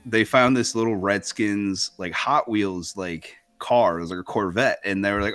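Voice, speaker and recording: A man's voice: on the low side, expressive, fast talker, fairly bright tone, soft background music. A young adult man co-hosting a podcast, telling a story in a rambling, self-interrupting way, often laughing. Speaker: podcast co-host. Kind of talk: casual chat, storytelling.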